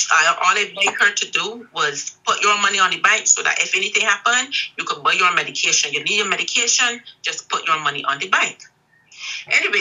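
A middle-aged woman with a Barbadian accent tells her story openly and with animation, voicing the people she quotes. Her voice is low-pitched and husky but very bright and forceful. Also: low-quality recording. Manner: animated, acts out quoted dialogue. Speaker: interview guest, mother. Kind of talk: candid storytelling.

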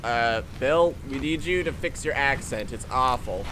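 A man giving casual, jokey commentary over a video game, excitable and prone to yelling. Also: mid-range voice, a little fast, hardly any pauses. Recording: game noise under the voice. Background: game sounds.

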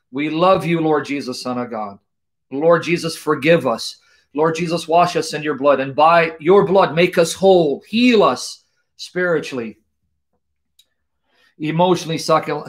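A man leading a fervent spoken prayer on an online stream, repeating invocations in a steady litany. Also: fairly high pitch. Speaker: Christian apologist host.

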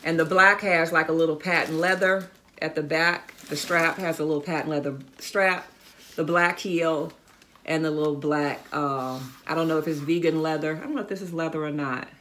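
A middle-aged fashion vlogger chats casually about her shopping haul, calling her viewers y'all and guys with enthusiastic talkativeness. Her voice sits low with fairly even intonation, a moderate pace, and a fairly bright tone, over slight background noise.

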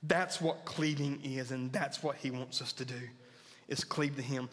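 A man's voice: medium pitch, steady tone, measured pace, fairly bright tone. A man preaching a sermon as pastor, earnest and building to emphatic peaks. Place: church sanctuary. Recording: church hall reverb with faint music.

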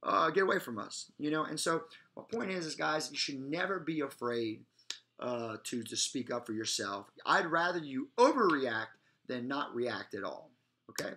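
A man leads a self-defense class in a bright, forceful voice at an ordinary pitch. He talks emphatically and keeps checking that his listeners are following along. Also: expressive, a little slow. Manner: emphatic, often checks in with "all right?" and "guys". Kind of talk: instructional presentation.

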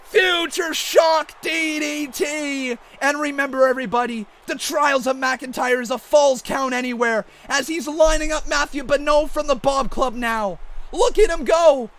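A man doing mock wrestling play-by-play commentary over a video game, excitable and often shouting. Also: very high voice, measured pace. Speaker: gaming YouTuber.

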